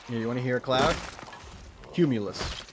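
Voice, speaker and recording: Male streamer, casual and profane, lively pitch swings, middle-pitched voice, reads game text aloud with jokey asides. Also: moderate pace, noisy background. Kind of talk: gameplay commentary.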